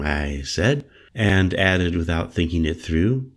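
Deep-voiced male audiobook narrator. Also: takes it slowly, hardly any pauses. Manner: calm, descriptive. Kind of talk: first-person audiobook narration.

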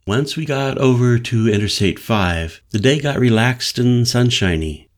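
A man narrating a first-person novel in a measured, deliberate manner. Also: mid-range voice, animated. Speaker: audiobook narrator.

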